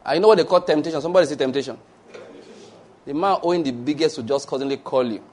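A male pastor, preaching a lively sermon that ends in prayer and blessings. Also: fairly high pitch, quick pace, a little hiss or hum. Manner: lively preaching, laughs at his own stories, call-and-response blessings.

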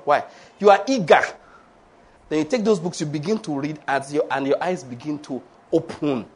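A man's voice: a little high, brisk, husky. A man preaching a sermon, laughing often and acting out the voices of the people he quotes.

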